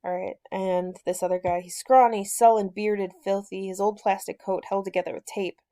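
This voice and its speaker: A woman's voice: mid-range voice, little pitch movement, normal speed, mellow. Woman casually retelling a novel's plot. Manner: conversational, with loose fillers and restarts. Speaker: book discussion host.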